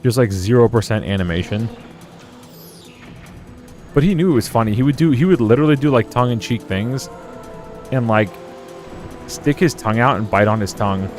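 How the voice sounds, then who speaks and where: A man's voice: mid-range voice, expressive, normal speed, long pauses, a little mellow, faint music behind. A young man chatting loosely while playing a video game, rambling through stories and laughing often. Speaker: gaming streamer. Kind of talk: casual let's play commentary.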